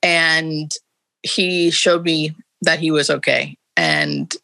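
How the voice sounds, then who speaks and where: A woman hospice nurse telling a personal story in an interview, earnest and halting with frequent restarts and fillers. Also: deep voice, very animated, bright, forceful tone.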